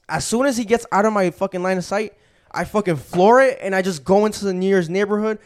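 Young man telling a profane story. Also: high voice. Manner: profane, fast-flowing street slang. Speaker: podcast host. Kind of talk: casual storytelling.

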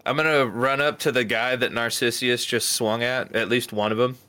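A man's voice: mid-range voice, steady tone, normal speed, pushed and bright. A man playing in a tabletop game, describing his character's moves plainly. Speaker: player. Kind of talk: casual tabletop play.

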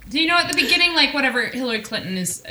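A woman hosting a casual chat that recaps a TV episode, lively, profane and joking. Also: sits high, rapid-fire. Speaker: podcast host. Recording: echoey room.

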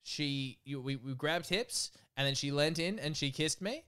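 Easygoing young man, smooth voice. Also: on the high side, normal speed, bright, forceful tone. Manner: laughing, teasing, easygoing storyteller. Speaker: podcast co-host. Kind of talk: casual podcast chat.

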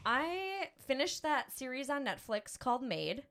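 Woman, 30s, podcast host with a lively, fairly high voice, chatty and animated. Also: a little slow. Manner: animated storyteller, acts out voices. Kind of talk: casual chat.

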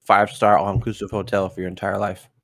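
A young man, a father and podcast co-host, chatting casually in a relaxed, rambling way. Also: on the low side, fast, vocal fry, no echo, studio quality. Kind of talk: casual chat.

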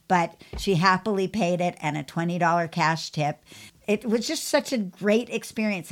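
A woman pet groomer who hosts a podcast, telling a long story in a chatty, animated way. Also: on the low side. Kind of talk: casual storytelling.

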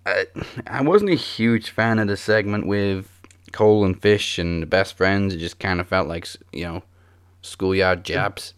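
A man co-hosting a casual chat show in a relaxed way, often laughing along. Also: sits low, measured pace, clean tone, dry recording, clean studio sound. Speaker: podcast co-host.

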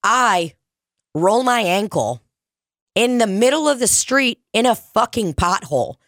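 A woman's voice: a little high, a little slow, no echo. A woman in her twenties chats casually on a podcast, swearing freely and jumping into voices as she tells her stories. The sound is dry and close, with no room around it. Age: 20s. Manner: animated storytelling, heavy swearing, acts out voices. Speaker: comedian podcast co-host. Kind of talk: casual chat.

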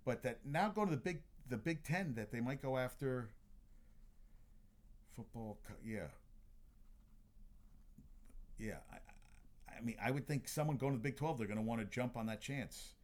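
A man's voice: medium pitch, animated, normal speed. A man hosting casual sports talk, blunt and opinionated, swearing freely as he runs through the news.

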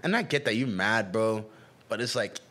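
A man's voice: lowish voice, moderate pace. A young man co-hosting a casual comedic podcast, talking in a loose, slangy way and acting out what other people said. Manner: animated, slangy, acts out quotes. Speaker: podcast co-host. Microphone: camera-facing home recording.

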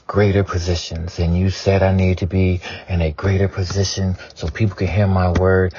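A man's voice: deep voice, darkish tone, a little hiss or hum. A man in his forties giving a conversational, earnest spoken prayer to his ancestors, repeating phrases for emphasis and speaking bluntly. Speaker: spiritual prayer leader. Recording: dull lo-fi recording.

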